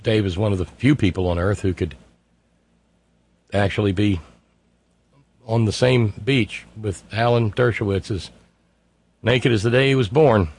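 A man's voice: lowish voice, unhurried, long pauses, darkish tone, husky. A middle-aged man hosting a call-in radio show, sardonic, reading listener messages aloud in mocking voices. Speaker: radio talk show host.

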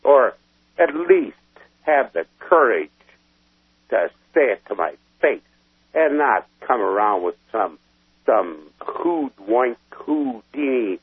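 A gruff male veteran calls into a radio show and talks in a folksy, emphatic way. His husky voice swings widely in pitch. He comes through a tinny, dry phone line. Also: sing-song, slow pace, no echo. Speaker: call-in caller, military veteran.

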